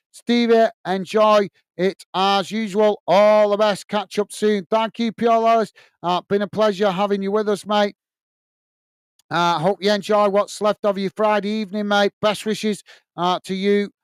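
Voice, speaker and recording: A man's voice: high-pitched, clean tone, dry recording, studio quality. An English man hosting a live football watch-along, casually reading out viewer comments and giving friendly, repetitive sign-offs with lots of fillers.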